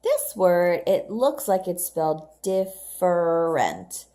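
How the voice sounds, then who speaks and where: Woman, English teacher, slow careful pace, patient, asks and praises. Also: fairly low pitch, sing-song, mellow. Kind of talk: children's phonics lesson.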